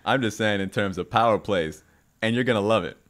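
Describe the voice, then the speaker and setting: A man co-hosting a podcast in casual chat, teasing and excitable. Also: fairly quick. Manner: excitable, teasing, pitch jumps when excited. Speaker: esports podcast co-host.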